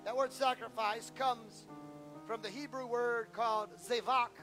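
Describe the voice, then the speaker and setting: A male pastor preaching a sermon, swinging between rising shouts and lower, mock-quoting asides. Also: fairly even intonation, measured pace, music in the background. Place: church sanctuary.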